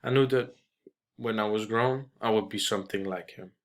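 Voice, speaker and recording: A man reading a short story aloud in a measured way, with small restarts. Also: fairly low pitch. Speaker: reader.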